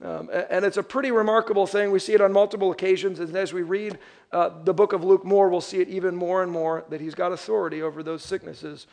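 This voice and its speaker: A young man preaches with a bright, high voice, often slipping into quick acted-out voices. He speaks as a pastor to his congregation, casual and animated. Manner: animated, acts out quoted voices. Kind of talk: sermon.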